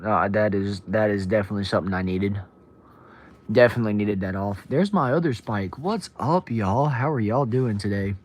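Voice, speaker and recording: A man's voice: lowish voice, normal speed. Laid-back man livestreaming. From Texas, USA. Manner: laid-back and chatty, greets viewers by name. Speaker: livestream host. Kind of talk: casual livestream chat, reading comments aloud.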